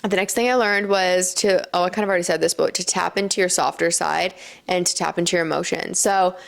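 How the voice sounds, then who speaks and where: A woman's voice: lowish voice, fairly even intonation, brisk, vocal fry. A young woman vlogger talking earnestly to her viewers in a casual, reflective way, full of "like" fillers. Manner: chatty, earnest, frequent "like" fillers. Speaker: lifestyle vlogger. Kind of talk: casual reflective talk to camera.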